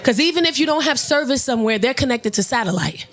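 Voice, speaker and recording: A woman comedian telling a stand-up story, brash and profane, who jumps into loud, high shouts at the punchlines. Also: expressive, quick pace. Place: comedy stage with audience.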